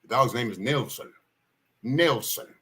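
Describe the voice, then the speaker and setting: A man's voice: medium pitch, sing-song, a little slow, sharp tone. A man hosting a livestream, telling stories in a folksy, rambling way and repeating his key points. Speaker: livestream host. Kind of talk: casual spoken storytelling.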